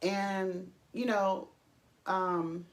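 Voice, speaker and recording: Slow, emphatic woman vlogger. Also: mid-range voice, fairly even intonation. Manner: emphatic, profane, with frequent pauses and fillers. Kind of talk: casual opinion commentary.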